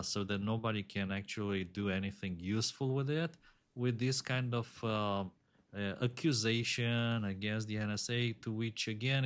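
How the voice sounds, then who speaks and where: A man co-hosting a podcast, giving measured, opinionated analysis with many fillers. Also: lowish voice. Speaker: podcast co-host. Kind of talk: casual chat.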